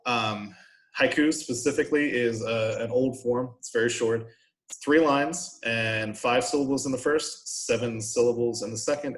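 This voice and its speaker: A male college instructor talks through the material in a loose, conversational lecture. He explains things patiently, often pausing on "um" and checking in with "right?". His voice sits at a middle pitch for a man. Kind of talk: informal recorded lecture.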